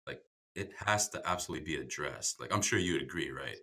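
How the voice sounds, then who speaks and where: A man's voice: rumbling low, animated, quick pace, pushed and bright. A man chatting casually in an interview, in an easygoing, conversational way. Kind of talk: casual chat.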